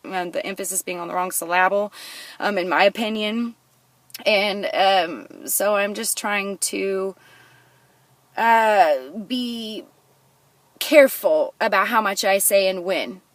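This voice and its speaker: A woman's voice: medium pitch, no room sound, distant mic. Woman rapping, then chatting, from off-mic. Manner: loud rhythmic rapping, half-sung. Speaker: vlogger and songwriter. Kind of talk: rapping her lyrics then casual talk.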